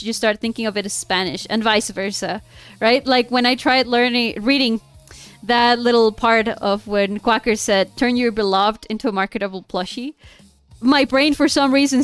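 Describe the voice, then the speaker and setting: A woman's voice: a little high, smooth, no room sound. A young woman from Mexico with a Mexican accent, chatting casually while she draws on a stream, giggling often and mixing English with Spanish. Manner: bubbly, giggly, switching between English and Spanish. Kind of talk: casual chat while drawing.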